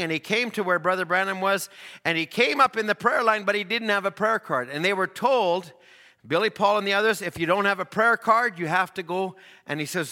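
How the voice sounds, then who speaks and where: A man preaching a sermon in a high, bright, ringing voice. He grows impassioned and swells to shouts at the big moments, while a long reverb from the church hall trails behind every phrase. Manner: impassioned, rises to shouts at climaxes.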